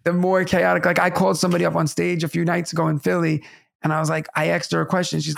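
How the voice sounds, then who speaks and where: A man's voice: on the high side, quick pace, gravelly. A man from New York City, a stand-up comedian, telling stories in a casual podcast chat and laughing often. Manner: animated storyteller, laughs often.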